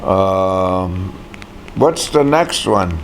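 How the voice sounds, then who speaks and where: A man's voice: low voice, animated, very slow, slight background noise. A man teaching a language class, patiently saying words aloud for the students to repeat.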